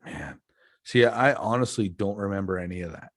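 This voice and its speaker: A middle-aged man with a fairly low voice hosts a relaxed podcast conversation. He talks candidly and reflectively, winding through old stories. The sound is close and dry, with no room echo. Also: normal speed. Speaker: podcast host. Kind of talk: casual podcast chat.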